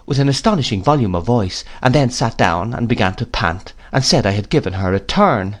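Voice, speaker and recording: A man narrating an audiobook of a classic novel in a measured, expressive storytelling manner. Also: mid-range voice. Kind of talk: audiobook reading.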